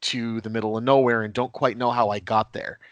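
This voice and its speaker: A man's voice: mid-range voice, steady tone, fairly quick, no echo, highs cut off. A man who is a podcast guest telling rambling, casual anecdotes and laughing at his own stories.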